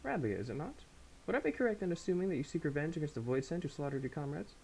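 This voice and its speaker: A man's voice: a little high, big pitch swings, rapid-fire, creaky, darkish tone, slight background noise, pitched above the performer's own voice. A man reading as a formal old-fashioned scholar. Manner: archaic, formal phrasing.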